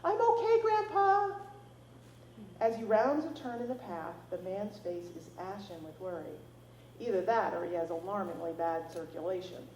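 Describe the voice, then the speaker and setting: A woman author reads from her novel at a library event. She is expressive and drops in casual asides. The sound is roomy, with a faint hum behind her. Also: on the low side, normal speed. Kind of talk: reading her novel aloud.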